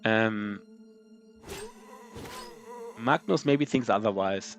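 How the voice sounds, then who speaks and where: A man's voice: medium pitch, animated, normal speed, highs cut off, soft background music. A man streaming a strategy game live, answering his chat in a loose, rambling way with many fillers and restarts. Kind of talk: casual live-stream chat while gaming.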